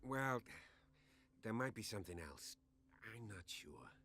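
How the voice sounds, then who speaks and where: A man's voice: lowish voice, very animated, a little slow, a bit bright. An actor playing a haunted, sleepless soldier who talks hesitantly about his nightmares. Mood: troubled. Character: haunted young soldier patient, anxious and sleepless.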